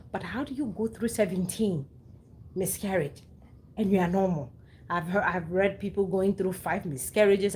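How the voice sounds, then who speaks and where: A woman's voice: mid-range voice, a little hiss or hum. Earnest woman telling a personal story. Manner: earnest and emotional, with many restarts and repeated phrases. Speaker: host sharing a personal story. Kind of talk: heartfelt personal talk to listeners.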